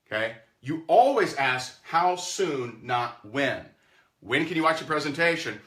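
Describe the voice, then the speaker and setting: Bright-voiced animated male sales coach. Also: a little high, a little slow. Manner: animated, acts out phone calls in goofy voices. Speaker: network marketing trainer.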